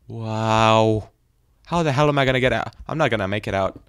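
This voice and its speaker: A young man giving jumpy, frightened let's play commentary, often breaking into loud exclamations. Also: lowish voice, moderate pace, clear, resonant tone, no room sound, studio quality. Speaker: gaming YouTuber.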